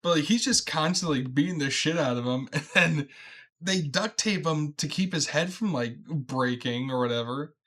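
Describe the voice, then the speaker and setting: A man's voice: a little high, animated, normal speed, a bit bright. A young man in a casual podcast chat about a movie, laughing often as he retells scenes. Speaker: podcast co-host.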